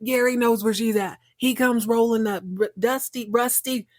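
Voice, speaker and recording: A woman hosting a podcast, animatedly recapping a TV episode in a casual, excitable way. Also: on the high side, moderate pace, no echo, studio quality. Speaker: podcast host.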